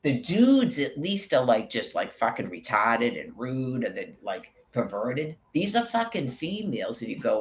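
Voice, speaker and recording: A man's voice: medium pitch, big pitch swings, measured pace, few pauses. Swearing, rambling New man ranting. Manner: angry, swears constantly, rambling. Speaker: vlogger. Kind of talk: profane ranting monologue.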